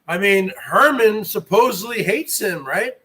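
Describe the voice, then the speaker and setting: A man's voice: sits high, lively intonation, unhurried, pushed and bright, husky. A man hosting his own livestream, ranting in a brash, mocking way with plenty of swearing. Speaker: livestream host. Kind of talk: boastful rant.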